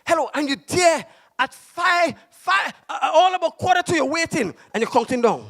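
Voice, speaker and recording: A pastor preaching a passionate sermon, mixing stories with shouted exhortation. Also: male voice, very high-pitched, lively intonation, normal speed, vocal fry. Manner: impassioned, shouting preaching with storytelling.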